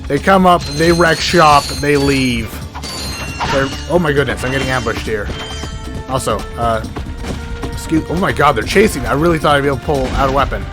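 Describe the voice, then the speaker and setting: A man giving rambling, excitable gameplay commentary as the host of a let's play, often cutting himself off mid-thought and swearing casually. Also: mid-range voice, normal speed. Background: game music and sound effects.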